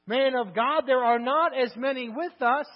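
A man's voice: very high-pitched, fairly quick, voice pushed up. A male preacher voicing a frightened male servant who pleads with his master about an enemy army. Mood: incredulous. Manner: anxious, pleading. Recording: echoey hall, dull lo-fi sound, mains hum.

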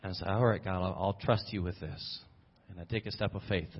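A man's voice: low voice, fairly even intonation, brisk, husky. A man preaching an earnest, personal sermon as a visiting missionary, often restarting his sentences. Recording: dull lo-fi sermon recording.

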